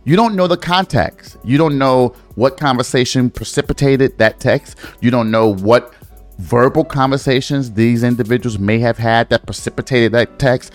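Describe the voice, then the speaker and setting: A man hosting a casual true-crime podcast, talking bluntly, swearing and teasing his co-host. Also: medium pitch. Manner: blunt, opinionated, swears and teases.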